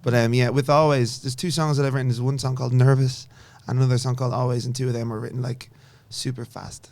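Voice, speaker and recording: A young man with an Irish accent, chatting casually as a singer-songwriter guest in an interview, often trailing off softly. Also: medium pitch, little pitch movement, fast talker. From Ireland.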